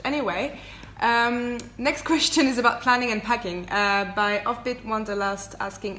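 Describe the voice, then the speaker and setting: Chatty woman co-host, bright tone, laughs often, slight background hiss. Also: medium pitch. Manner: chatty, giggly, with many fillers and restarts. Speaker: travel vlogger co-host. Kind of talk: casual live Q&A chat. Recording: faint background noise.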